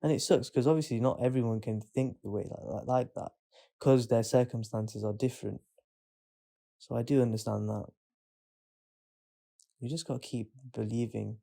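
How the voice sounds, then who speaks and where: A man co-hosting a casual podcast, speaking at a middle pitch. He talks in a relaxed, musing way and often lets his sentences trail off. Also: normal speed, gravelly, long pauses. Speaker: podcast co-host. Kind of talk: casual chat.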